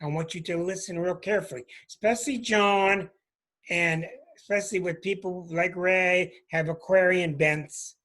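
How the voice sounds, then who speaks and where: A man's voice: high-pitched, steady tone, normal speed, fairly bright tone. A man who hosts an astrology show, telling a story to a group in an emphatic way and acting out sounds. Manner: emphatic, repeats sounds for effect. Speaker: astrologer and host.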